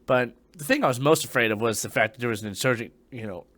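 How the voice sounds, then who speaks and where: A young man, a former Marine, telling a ghost story in a casual, profane way, dropping to hushed tones and breaking into loud bursts. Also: mid-range voice, fast talker, no echo.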